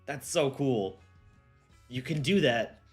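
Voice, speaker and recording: A young American man chatting casually on a live stream as its host, relaxed and full of ums and likes. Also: mid-range voice, slow pace, soft background music. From United States. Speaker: streamer and voice actor.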